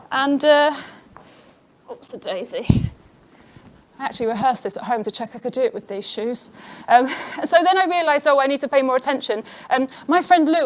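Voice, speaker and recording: Chatty self-deprecating comedienne host. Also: female voice, sits high. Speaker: comedian hosting an awards show. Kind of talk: stand-up comedy routine.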